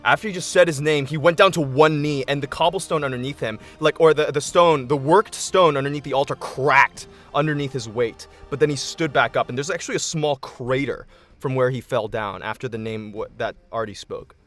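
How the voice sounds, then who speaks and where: A man's voice: mid-range voice, a little fast, fairly bright tone, soft background music. A man narrating a tabletop game as game master, descriptive and accommodating, often restarting his sentences.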